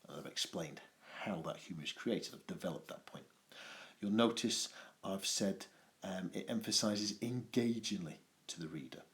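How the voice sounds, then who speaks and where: A man's voice: low-pitched, moderate pace, fairly bright tone. A male English teacher with an adenoidal voice, talking through a poetry analysis with playful, jokey asides.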